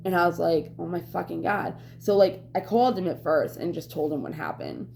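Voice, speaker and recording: Gravelly-voiced woman rambling candidly. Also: fairly low pitch, big pitch swings, fairly quick, darkish tone, a little hiss or hum. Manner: rambling, profane, full of fillers. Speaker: vlogger. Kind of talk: candid personal storytelling.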